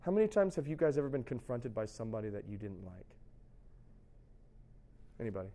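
A man's voice: medium pitch, sing-song, fairly quick, dark tone. Conversational man preaching a sermon. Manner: conversational, asks the audience questions. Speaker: pastor.

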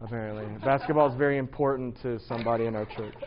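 A man's voice: mid-range voice, fairly even intonation, racing, dull audio, over a noisy crowd. A man preaching in a church, casual and self-deprecating, talking to his congregation. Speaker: pastor. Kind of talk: sermon. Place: church hall.

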